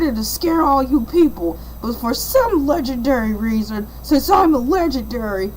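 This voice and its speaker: A woman's voice: high voice, a little mellow, slight background noise, poor audio. A woman playing a boastful talking shark host. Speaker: livestream host. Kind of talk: rambling livestream in-character patter.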